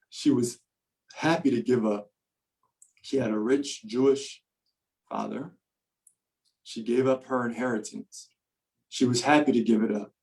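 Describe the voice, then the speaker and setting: On poor audio, a podcast guest with a mid-range voice spins a casual, animated story, laughing frequently and filling gaps with "like" and "you know."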